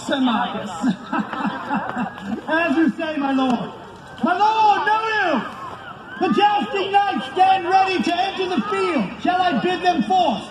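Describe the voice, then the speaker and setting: A man's voice: very high voice, heavy background noise. A man announcing to a crowd at an outdoor fair in theatrical, archaic formal speech. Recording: echoey outdoor crowd recording from afar.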